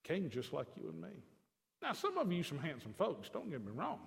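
High-voiced preacher in a reverberant hall. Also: male voice, wildly swooping pitch, normal speed, vocal fry. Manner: conversational preaching with folksy asides, rising to emphatic declarations. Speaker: pastor. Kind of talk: sermon.

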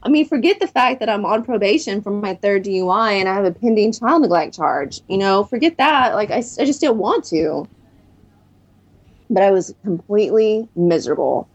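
A woman's voice: medium pitch, animated, moderate pace. A woman in her thirties, a guest in an interview, candidly telling her own story of recovery. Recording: dull lo-fi recording.

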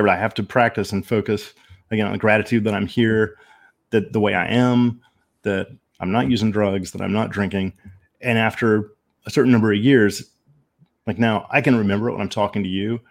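Gravelly low-voiced man, reflective. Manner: reflective and measured, with frequent ums. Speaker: podcast guest. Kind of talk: candid personal storytelling.

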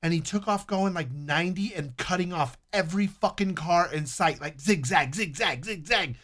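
A man's voice: fairly high pitch, normal speed, a bit bright. A man in casual podcast chat, talking bluntly, swearing freely, and laughing often.

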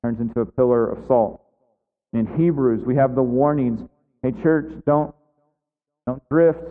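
Speaking a bit slowly in a medium-pitched voice, this man gives a casual, conversational sermon as a pastor, leaning heavily on "like" and "right." The audio is thin and phone-like, with the echo of a large hall.

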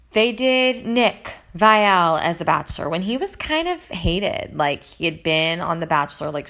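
A woman's voice: mid-range voice, gravelly, fairly bright tone. A woman in casual chat, recapping reality TV in a chatty, gossipy, rambling way, full of fillers. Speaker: reality TV commentator.

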